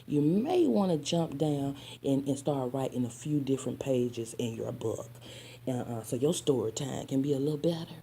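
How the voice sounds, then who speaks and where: A sassy woman vlogger talks straight to her listeners in a casual storytime, calling them honey and child. Her voice is deep, dark, mellow, gravelly and husky, expressive and a little slow. She weaves spiritual preaching into the story and sometimes drops into soft asides.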